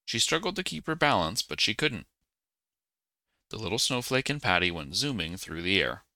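A man reading a bedtime story aloud, calm and gently expressive. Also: lowish voice, normal speed, no echo.

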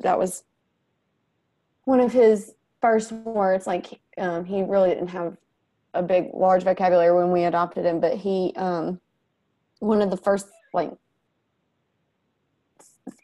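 A woman's voice: on the low side, a little slow, long pauses. Chatty woman telling stories. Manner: chatty storyteller, animated when quoting. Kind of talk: casual chat.

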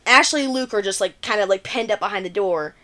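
A woman's voice: mid-range voice, fast, sharp tone. A woman co-hosting a podcast, casually recapping a film's plot in a chatty way with lots of filler words. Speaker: podcast co-host.

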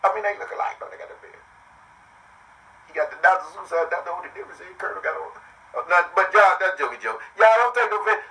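A man with a high, bright voice hosts a live podcast in a loose, profane, joking ramble. He sits back from the microphone, so his voice sounds a little distant. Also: fast. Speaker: podcast host.

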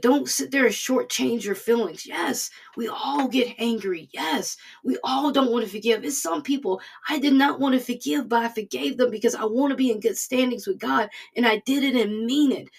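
Gravelly-voiced woman giving an earnest devotional. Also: a little high, normal speed. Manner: earnest, preaching, drops to a soft hush at times. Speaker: devotional speaker. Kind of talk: informal devotional talk.

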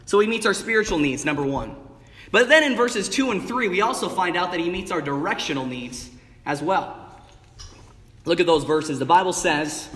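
A young man preaching with a high, bright-pitched voice, bursting into emphatic peaks and calling out to his congregation. His sermon rings through a church hall with a long, echoing reverb. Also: lively intonation, moderate pace. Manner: exuberant, rising to emphatic bursts with call-outs of "amen" and "hey". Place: church sanctuary.

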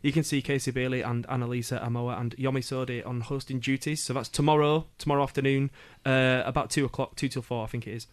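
A man's voice: medium pitch, level tone, quick pace, hardly any pauses. A man with a Yorkshire accent presenting a radio roundup of poetry events, chatty with jokey asides and frequent ums. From Yorkshire, England. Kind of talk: casual radio event listings.

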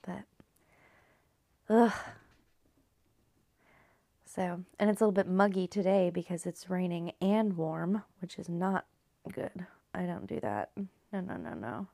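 A casual woman from California rambles through a story recap, dropping in swear words and sliding down into near-whispers. Her voice carries a gravelly fry, and the recording is close and dry, with no room sound. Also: fairly low pitch, a little slow, pauses often, mellow, no echo. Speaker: video host recapping a story.

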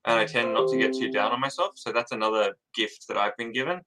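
A man's voice: lowish voice, fairly even intonation, quick pace, over loud music, poor audio. A man talking as an author guest in a casual interview, jittery and rambling, laughing often and running his thoughts together.

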